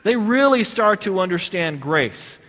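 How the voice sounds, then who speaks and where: A man's voice: high-pitched, very animated, unhurried, sharp tone, big-room sound. A man teaching an informal Bible class in a conversational way, asking his listeners questions and often restarting his sentences. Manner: conversational, asks the audience questions, many restarts.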